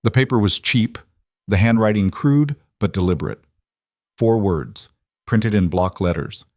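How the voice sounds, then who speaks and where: A man's voice: lowish voice, a little slow, darkish tone, no room sound, studio quality. A man reading a scripted western story as narrator, telling it steadily.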